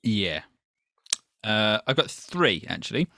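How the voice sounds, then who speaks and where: A man co-hosting a film podcast with a bright, forceful voice that sits fairly low. He jokes and interrupts, now and then slipping into mock posh impressions. The sound is dry and close. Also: sing-song, slow pace, gravelly, no echo. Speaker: podcast co-host. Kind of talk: casual film review chat.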